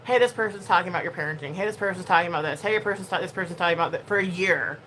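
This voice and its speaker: A woman YouTuber talking casually to her camera in an animated, expressive way, moving between quiet asides and loud bursts. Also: lowish voice, rapid-fire, slight background noise, low-quality recording.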